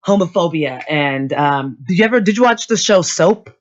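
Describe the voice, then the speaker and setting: A woman's voice: on the low side, animated, normal speed. A woman co-hosting a podcast in casual chat, rambling and filling with "you know". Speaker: podcast co-host. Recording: dull lo-fi sound.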